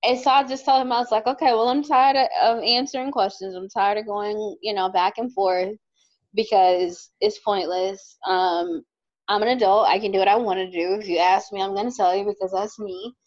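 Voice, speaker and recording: A woman's voice: mid-range voice, steady tone, normal speed, dull audio. A woman co-hosting a podcast, telling a dating story in casual chat and quoting the other people as she goes. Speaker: podcast co-host.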